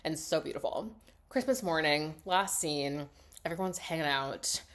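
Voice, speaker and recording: A young woman with a fairly low voice talks through a movie plot in a loose, chatty way, peppering everything with "like". She jumps from loud, gushing excitement to quiet, half-whispered asides. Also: unhurried. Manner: chatty, lots of "like", swings between loud gushing and hushed asides. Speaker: film recap vlogger. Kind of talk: casual spoken film recap.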